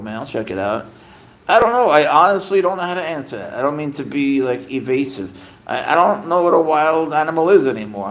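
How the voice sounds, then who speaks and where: A man hosting a casual livestream, chatting easygoing and rambling while he answers viewer comments. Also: medium pitch. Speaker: livestream host and pet owner.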